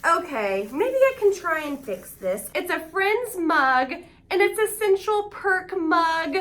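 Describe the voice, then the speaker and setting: A woman with a high, bright voice that swings widely up and down as she talks. She gushes with excitement in a casual unboxing vlog. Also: slow pace. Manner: excitable and gushing. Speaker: AuthorTube vlogger.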